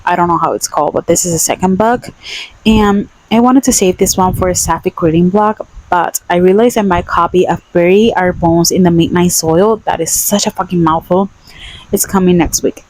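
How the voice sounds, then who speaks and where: A woman's voice: on the low side, moderate pace, a little mellow, no echo, poor audio. A young woman vlogging a casual book review, emphatic and exasperated, repeating her points.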